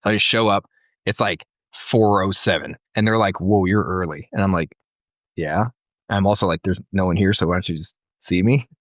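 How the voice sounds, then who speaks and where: A man's voice: deep voice, moderate pace, a bit bright, no room sound, studio quality. A man co-hosting a casual comedy podcast, telling an exasperated story with plenty of swearing. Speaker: podcast co-host.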